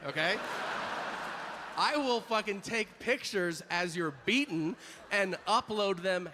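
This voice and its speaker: Animated stand-up comic in a live hall. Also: male voice, a little slow. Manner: animated, jumps into high-pitched voices for quoted people. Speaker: stand-up comedian. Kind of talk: stand-up comedy routine. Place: comedy club stage. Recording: live in a reverberant hall with audience noise. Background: audience laughter.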